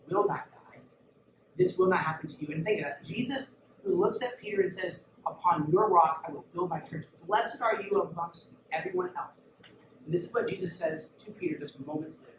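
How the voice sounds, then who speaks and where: Emphatic youth pastor preaching in an echoey room. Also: male voice, high voice. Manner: emphatic, urges listeners to look and listen. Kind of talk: sermon. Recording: echoey room, mic at a distance, background noise.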